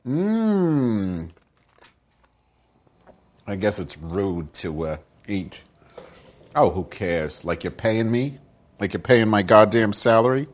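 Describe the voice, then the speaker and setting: Grumpy potty-mouthed lady podcaster ranting away, a guy doing the voice, lowish voice. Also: very animated, slow pace, pauses often. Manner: profane, grumbling, rambling rants. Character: cranky foul-mouthed middle-aged woman podcast host. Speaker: podcast host. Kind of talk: comic character monologue.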